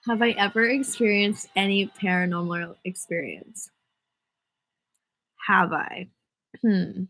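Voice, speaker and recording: Bright-voiced woman chatting unhurriedly. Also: mid-range voice, steady tone, slow, rough recording. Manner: chatty, answers viewer questions. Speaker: singer answering fans. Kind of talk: casual livestream chat.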